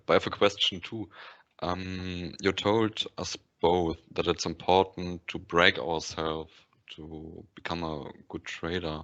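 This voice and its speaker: Deep, slow-talking man asking questions. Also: level tone, fairly bright tone, no room sound. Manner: hesitant, repeats his question. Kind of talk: casual question. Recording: dull lo-fi audio.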